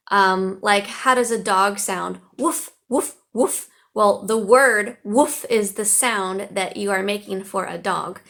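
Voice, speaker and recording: A woman's voice: a little high, creaky, fairly bright tone. An American woman, an online English teacher, giving upbeat, chatty teaching tips into her phone in a casual vlog. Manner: upbeat, chatty, with playful animal-sound imitations.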